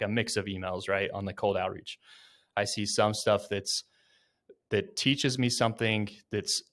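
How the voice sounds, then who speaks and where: Man, interview host, lowish voice, loose and casual, rambling delivery with fillers. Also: fairly bright tone. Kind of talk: conversational business interview.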